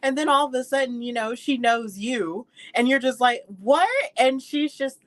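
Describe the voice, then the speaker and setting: A woman's voice: high-pitched, moderate pace. A woman hosting a podcast, reacting to her guest with gushing, supportive comments. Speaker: podcast host. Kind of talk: casual chat.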